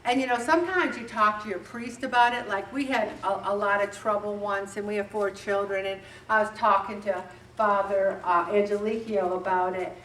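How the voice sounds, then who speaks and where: A middle-aged woman leading a faith-based weight loss group, talking in an animated way and acting out bits of dialogue. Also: mid-range voice, moderate pace, hardly any pauses. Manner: animated, acts out dialogue with voices. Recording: echoey room, distant mic, faint background noise.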